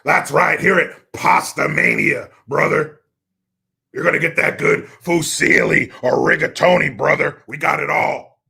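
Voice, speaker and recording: A man putting on a loud, pumped-up pitchman for a pasta restaurant, calling everyone brother. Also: measured pace, gravelly, breathy edge, exaggerated voice. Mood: hyped. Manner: says brother after every phrase.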